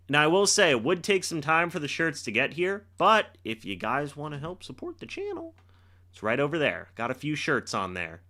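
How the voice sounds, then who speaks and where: A young man hosting a live reaction stream, calling the plays and shouting and teasing players on big moments. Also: mid-range voice. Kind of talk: excited live play-by-play reaction.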